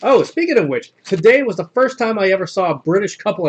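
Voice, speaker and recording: A man hosting a casual video where he reads jokes aloud in a flat, deadpan delivery. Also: high voice, quick pace, husky. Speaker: host reading jokes on video. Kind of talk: casual joke reading.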